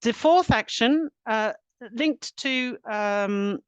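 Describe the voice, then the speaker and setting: A woman's voice: a little high, extremely slow, clean tone, dry recording. Middle-aged woman, HR director, earnest webinar presenter, dry close sound. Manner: earnest, steady explaining, lists actions step by step.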